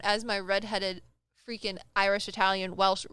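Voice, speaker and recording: Clear-voiced young woman telling stories. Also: mid-range voice, moderate pace, dry recording. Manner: animated, acts out quoted voices, laughs often. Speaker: medium telling stories on a podcast. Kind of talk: casual storytelling.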